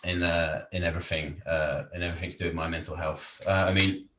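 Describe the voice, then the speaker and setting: A man's voice: low-pitched, little pitch movement, fast, a bit bright, reverberant, slight background noise. A man from England, a podcast guest, talking in a casual, rambling way with many fillers and restarts. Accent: English. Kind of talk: casual interview chat.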